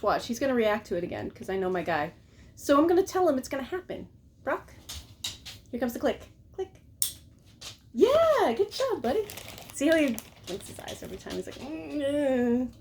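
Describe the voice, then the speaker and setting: A woman's voice: fairly high pitch, darkish tone, a little hiss or hum. A woman dog trainer at home in her living room, explaining her method and coaxing her dog in a sing-song voice. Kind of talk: casual home training demo.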